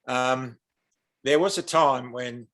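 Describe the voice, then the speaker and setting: A man's voice: medium pitch, slow, a bit bright. A man with an Australian accent, a podcast guest speaking earnestly and with passion, like a preacher.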